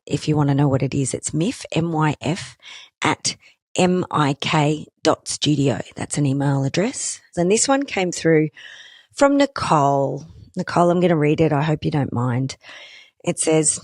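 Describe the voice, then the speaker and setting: A middle-aged woman with an Australian accent chats alone into a studio microphone as a podcast host. Her voice sits fairly low, and the sound is dry and close with no room around it. She talks casually and pokes fun at herself. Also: expressive, moderate pace, darkish tone, dry recording. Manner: chatty and self-deprecating, joking asides. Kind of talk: solo podcast chat.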